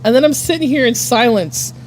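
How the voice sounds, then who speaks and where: Chatty woman streamer, slightly high voice. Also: expressive, a little fast, slight background noise. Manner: rambling, filler-heavy, swears and laughs a lot. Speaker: art streamer. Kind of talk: casual livestream chat.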